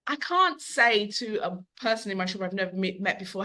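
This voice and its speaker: A middle-aged woman who owns a bookshop, speaking as a podcast guest and telling long, animated stories. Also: mid-range voice, brisk. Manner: animated, long-winded storyteller who acts out quotes. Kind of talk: conversational storytelling.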